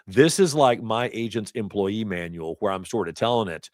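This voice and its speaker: Male instructor, low and animated delivery, conversational lecture style with self-corrections, dry recording. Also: normal speed, no room sound. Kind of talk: live certification lecture. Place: training event room.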